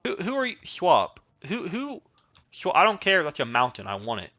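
A man's voice: a little high, wildly swooping pitch, moderate pace, sharp tone, soft background music. A young man giving rambling, casual commentary while he plays a strategy game, chatting at his units. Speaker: gaming channel host.

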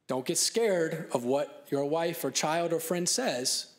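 A man preaching a conversational sermon as pastor, joking and laughing at himself, then dropping softer and earnest on his key points. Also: on the high side, takes it slowly. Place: church stage.

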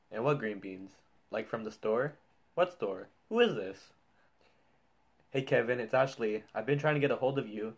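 A man hosting his channel, reading funny texts aloud in casual reaction commentary, joking and swearing as he goes. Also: medium pitch. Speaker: youtuber.

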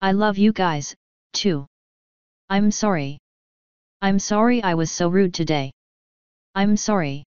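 A woman's voice: mid-range voice, slow, long pauses, darkish tone, clear, resonant tone, dry recording, close to an everyday voice. Woman reading a crying pegasus soldier. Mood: sobbing. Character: tearful brash female pegasus soldier. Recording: dull lo-fi dry recording.

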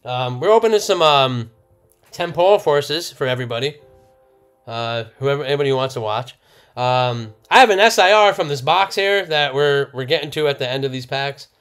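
A young man live-streaming a card opening, loud and swearing, laughing and shouting with excitement. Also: mid-range voice, moderate pace, clean tone, soft background music. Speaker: streamer opening trading cards.

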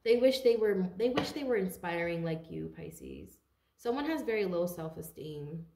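A woman's voice: lowish voice, normal speed, roomy sound. Chatty woman giving a tarot reading. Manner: chatty, animated, laughs often, says "like" and "you guys". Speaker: tarot reader. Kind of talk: casual tarot reading to camera.

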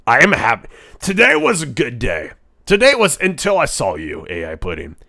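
A man voicing a brash, hot-headed male echidna in a live-stream role-play, rambling, stammering and crude, quick to yell. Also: on the low side, vocal fry, heavily acted.

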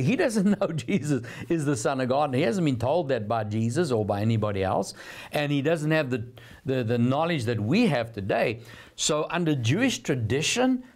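A middle-aged man delivers a sermon in a voice of ordinary pitch for a man. He talks in an earnest, reflective way, reading scripture aloud and walking through each verse like a teacher. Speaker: pastor.

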